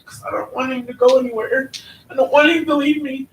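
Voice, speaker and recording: Woman, church testimony; earnest and heartfelt, high voice, recorded from a distance with faint hum behind. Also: steady tone, fairly quick, reverberant. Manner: earnest, heartfelt, often tags lines with "right?". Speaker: church member giving testimony. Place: church hall.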